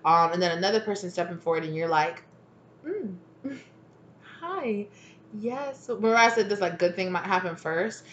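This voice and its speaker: A woman's voice: lowish voice, steady tone, fast talker, hardly any pauses, fairly bright tone, highs cut off. A woman giving a casual spoken tarot reading, chatty and laughing, swearing freely as she talks to her viewers. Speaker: tarot reader. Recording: roomy echo, faint noise.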